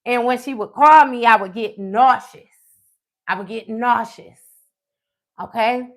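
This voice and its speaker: Woman, pitched a little high; animated, profane live storyteller. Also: unhurried. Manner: animated, profane, frequent "okay?" check-ins. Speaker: tarot reader.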